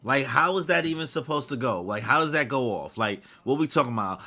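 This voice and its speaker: A man's voice: mid-range voice, lively intonation, brisk, few pauses, sharp tone. A man reading a manga aloud live and reacting with slangy asides, as the regular host of his channel.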